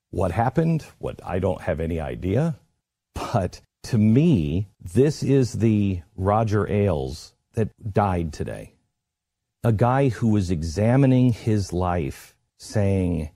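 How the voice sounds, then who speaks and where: A man's voice: lowish voice, expressive, unhurried, dark tone, no echo. A middle-aged man telling a personal story in an earnest, emotional way, acting out the voices of the people in it. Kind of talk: storytelling monologue.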